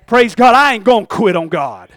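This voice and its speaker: A man preaching a fervent sermon with sudden shouted bursts. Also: sits high, lively intonation, moderate pace, no echo.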